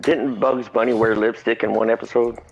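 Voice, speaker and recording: A man's voice: lowish voice, flat delivery, moderate pace, gravelly, dull audio, slight background noise. A man in a casual group chat who laughs easily and repeats himself.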